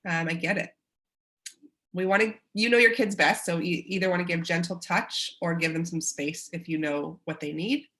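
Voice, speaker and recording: A woman's voice: on the low side, steady tone, normal speed, sharp tone. A woman with a Canadian accent presents a parenting webinar in an encouraging way, acting out short quotes of parents and children.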